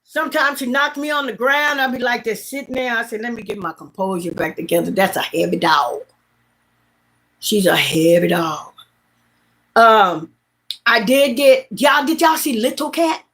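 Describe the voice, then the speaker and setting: A woman's voice: a little high, measured pace, a bit bright. A woman, hosting a casual livestream and telling rambling, repetitive, heartfelt stories. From Mississippi, USA. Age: late 50s. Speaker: livestream host.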